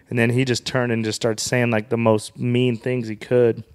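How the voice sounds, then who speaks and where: A man's voice: mid-range voice, flat delivery, brisk, hardly any pauses, smooth. A man who is a comedian, a guest on a podcast, telling a story in a casual and profane way.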